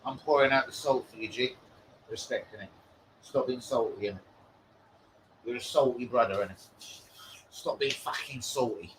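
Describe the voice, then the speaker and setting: A young man hosting a football stream, swearing and bantering loudly in street slang. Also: medium pitch, moderate pace, long pauses, slight background noise, rough recording. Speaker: football fan channel host. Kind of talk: live stream chat.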